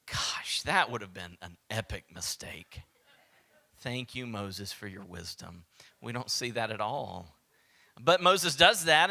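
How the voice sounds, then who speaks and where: A pastor with a Southern American accent delivers a sermon in a mid-range, slightly slow voice. He's animated, acts out the voices he quotes, and at times drops to a hushed whisper.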